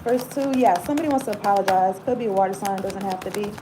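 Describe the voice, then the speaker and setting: Against some background noise, a fast-talking woman with a mid-range voice gives a casual tarot reading. She rambles, laughs a lot, and addresses the viewer directly, often going off on asides.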